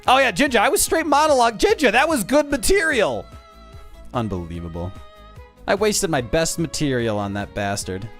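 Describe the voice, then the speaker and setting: Lively teasing male streamer. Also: a little high. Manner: playful, teasing, mock-insulting banter. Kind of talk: casual live-stream chat with viewers.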